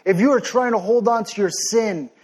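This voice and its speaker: A young man delivering a sermon in a high, light voice. He preaches with fervent intensity, building to loud, insistent commands. Between them he eases into quieter, self-deprecating asides. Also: moderate pace, breathy edge. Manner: passionate, rising to near-shouting then softening to sheepish asides.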